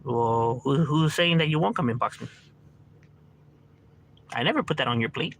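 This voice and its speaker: Speaking at a normal speed in a mid-range, slightly bright voice, an LA man runs a livestream with a little background noise behind him. His talk with strangers is relaxed and full of slang and swearing, sprinkled with Spanish words and frequent laughter.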